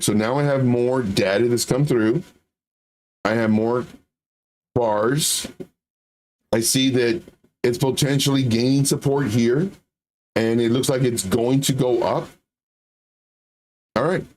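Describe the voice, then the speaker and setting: A middle-aged man hosting a trading show, talking casually and repeating himself, with lively acted-out quotes. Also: mid-range voice, a little slow, pauses often. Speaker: trading channel host. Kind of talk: casual live market talk.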